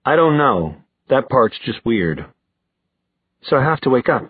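A man reading a vain, wry male warlock with a dry, low, languid delivery, in a tinny recording. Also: very animated, a little slow, breathy edge, no room sound.

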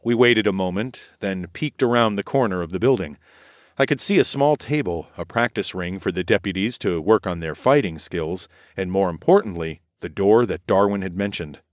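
Deep-voiced male audiobook narrator. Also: dry recording, studio quality. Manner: measured storytelling. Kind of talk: first-person audiobook narration.

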